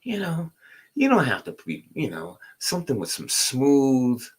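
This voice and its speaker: A man's voice: medium pitch, wildly swooping pitch, unhurried, husky. A man co-hosting a show in loose, rambling, playful chat with his wife. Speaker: co-host. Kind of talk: casual chat.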